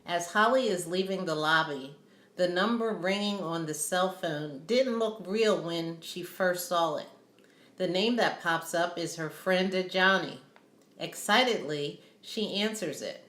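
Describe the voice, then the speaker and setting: A woman narrating an audiobook chapter in a slow, even reading style. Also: on the low side. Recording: roomy echo.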